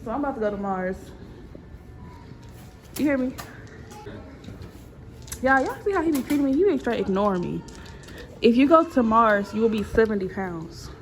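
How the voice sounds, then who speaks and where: Playful mom vlogging on a noisy phone. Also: female voice, on the high side, expressive, normal speed, pauses often. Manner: playful, teasing, laughs often. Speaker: mother filming a family vlog. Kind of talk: casual chat to camera. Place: busy public attraction, walking around. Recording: noisy handheld phone audio.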